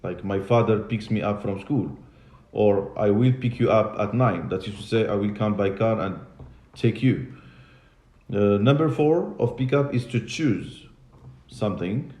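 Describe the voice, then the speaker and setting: A man's voice: fairly low pitch, measured pace, darkish tone. A man teaching English to a class, patiently repeating and spelling out words and switching into Arabic and French. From Morocco. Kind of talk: classroom lesson. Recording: echoey classroom.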